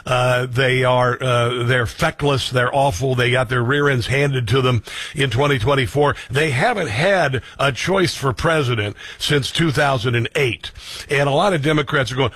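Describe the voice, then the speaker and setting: A man's voice: mid-range voice, normal speed, a bit bright, slightly rough, no room sound. A man hosting a radio talk show, chatting casually with jokes and self-deprecating asides.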